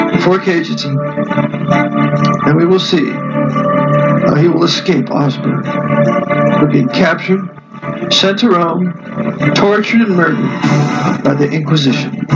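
A man with a high, creaky voice reads a history book to his book club, often stopping to address his listeners with emphatic, wandering asides. He is the club's reader and host, and the recording sounds muffled.

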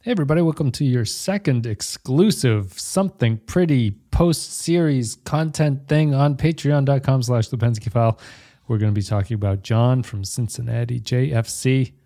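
A man's voice: mid-range voice, moderate pace, warm tone. A male podcast host with a mid-range voice who leads the conversation in a chatty, rambling way. He often stops to rephrase his thoughts as he talks. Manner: chatty, rambling, self-correcting. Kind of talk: casual podcast chat.

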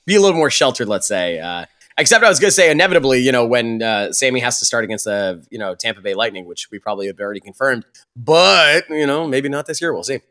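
Animated man ranting on a podcast. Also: mid-range voice, fast talker. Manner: animated, swearing, mocking rants with fillers. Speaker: podcast co-host. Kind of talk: casual chat.

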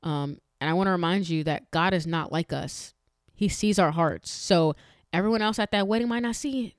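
A woman's voice: fairly low pitch, moderate pace, dry recording, studio quality. A woman hosting a faith-based podcast, talking earnestly and with emphasis, chatting directly to her listeners with frequent restarts. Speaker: podcast host.

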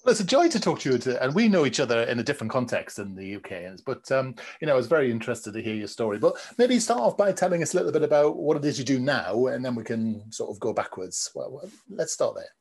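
A man's voice: medium pitch, big pitch swings, fast talker, few pauses, darkish tone, slightly rough. A man hosting a podcast, chatting casually with his guest. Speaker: podcast host. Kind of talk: podcast intro and interview.

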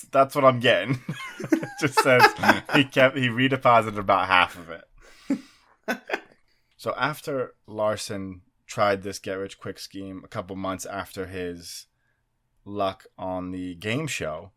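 A man's voice: on the low side, lively intonation, unhurried, sharp tone. A man co-hosting a podcast, telling a story in casual chat with frequent laughter. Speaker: podcast co-host.

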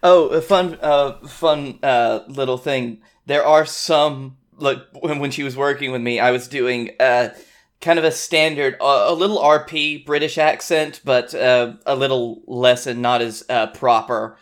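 A man's voice: medium pitch, steady tone, unhurried. A man in his twenties co-hosting a casual podcast, speaking reflectively and rambling a little as he remembers. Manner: reflective, rambling with many fillers and restarts. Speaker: podcast co-host. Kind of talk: casual chat.

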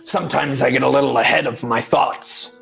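A man speaking as his character in a tabletop game, halting and hesitant. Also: mid-range voice, steady tone, creaky, fairly bright tone, faint music behind. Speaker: player. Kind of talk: in-character tabletop role-play.

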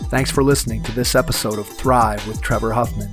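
A man reading a smooth scripted outro promo for a podcast network. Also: on the low side, steady tone, a little fast, over music. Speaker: network announcer.

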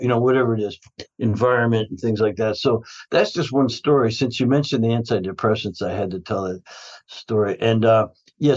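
A man's voice: mid-range voice, a little mellow, lo-fi sound. A man who is a guest in a casual interview, telling stories about his health practice in a rambling way, often restarting his sentences and laughing.

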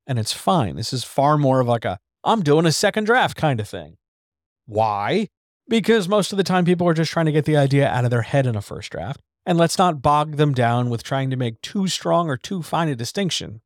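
A man's voice: mid-range voice, expressive, moderate pace, no room sound, clean studio sound. A man hosting a casual writing podcast, candid and swearing freely, dragging his S's and hitting his D's and T's hard. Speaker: podcast host. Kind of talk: casual instructional chat about writing. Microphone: studio microphone.

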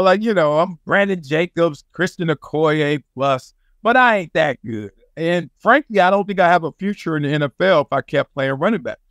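Man, 40s, Southern California accent, high voice, animated storyteller, laughs a lot, dry close sound. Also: dry recording. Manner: animated, laughing storyteller who acts out quotes. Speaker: podcast guest, former NFL player and sports broadcaster. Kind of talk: casual storytelling interview.

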